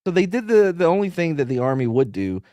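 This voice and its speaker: A man's voice: on the high side, sing-song, quick pace, warm tone, no echo, dull audio. A man in his thirties hosting a podcast, telling rambling, profane stories in casual chat. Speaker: podcast host.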